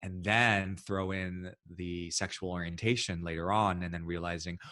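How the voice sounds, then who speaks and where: A man from New City, a guest in an interview, talking in a reflective, halting way with frequent restarts. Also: sits low, steady tone, bright, forceful tone, no echo, studio quality. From New York City. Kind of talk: casual interview talk.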